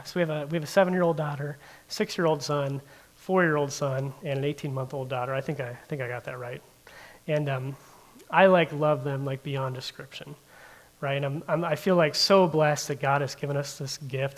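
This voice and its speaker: Male pastor, 30s, slightly raised pitch; chatty, conversational preaching style with constant fillers. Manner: conversational, heavy use of "like" fillers. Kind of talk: casual sermon. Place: in front of a room of listeners.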